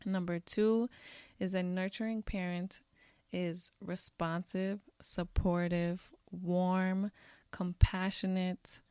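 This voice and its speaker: A woman's voice: on the low side, level tone, slow, warm tone, smooth, dry recording. A woman co-hosting a parenting podcast, upbeat and earnest as she sums up takeaways for listeners. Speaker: podcast co-host. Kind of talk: casual podcast chat and recap.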